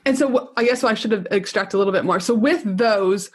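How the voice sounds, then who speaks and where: A woman's voice: mid-range voice, fast, slightly rough. A woman hosting a podcast interview, talking in an enthusiastic, chatty way and often asking "do you know what I mean". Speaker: podcast host. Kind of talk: conversational interview.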